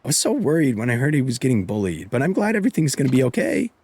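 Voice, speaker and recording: A man's voice: medium pitch, very animated, rapid-fire, a little mellow, breathy edge. A man voicing a cheerful, caring young girl from a game. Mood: eager.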